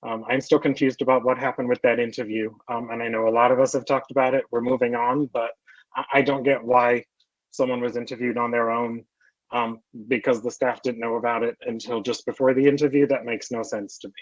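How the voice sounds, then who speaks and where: A man speaking at a school council meeting, earnest and frustrated, pausing with fillers. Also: mid-range voice, level tone, dry recording, lo-fi sound. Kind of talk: meeting remarks.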